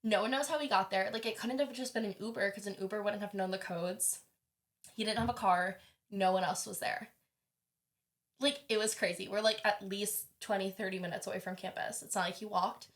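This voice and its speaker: A young woman, a college student, telling a long story in casual chat, lively and full of "like," acting out what others said. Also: medium pitch, a little fast. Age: young adult. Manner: animated, heavy use of "like", acts out quoted voices. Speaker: podcast guest.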